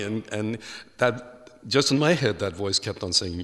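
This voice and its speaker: Irish-accented male pastor, lively sermon storyteller, bright forceful tone, low voice. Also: slow pace, long pauses, big-room sound. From Ireland. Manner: animated storyteller acting out quoted voices.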